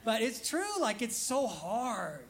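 A man's voice: very high-pitched, wildly swooping pitch, slow pace, a bit bright. A man preaching a casual, humorous sermon as pastor, laughing often and acting out quoted voices.

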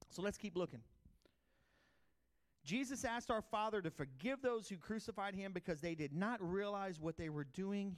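A middle-aged pastor, preaching a sermon in a conversational storytelling way, swinging from loud bursts to quiet asides. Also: male voice, on the high side.

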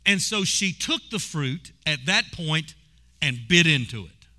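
Bright, forceful preaching man. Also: a little high, lively intonation, measured pace. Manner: preaching with call-and-response, rising to shouts. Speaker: pastor. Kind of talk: sermon.

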